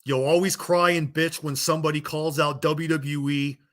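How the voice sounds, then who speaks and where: A man's voice: on the high side, fairly even intonation, normal speed, a bit bright. A man delivering a heated, blunt rant to his viewers, swearing and scolding them as a wrestling vlogger. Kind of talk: angry rant to camera.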